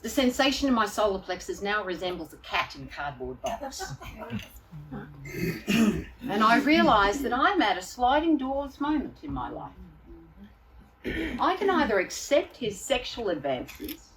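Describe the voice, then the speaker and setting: A woman speaker telling a personal story live, dramatic and expressive, acting out the scenes she recalls. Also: fairly high pitch, a little slow, pauses often. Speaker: keynote speaker. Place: live venue. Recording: distant mic, faint room noise.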